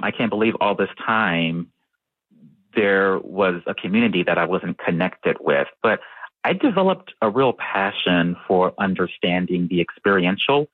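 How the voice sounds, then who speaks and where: Interview guest, male, low voice, dry sound, calm and measured, light stutter. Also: dry recording. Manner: measured, with fillers and occasional stutters. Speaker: researcher and guest who stutters. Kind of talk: interview answers. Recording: tinny phone-like line.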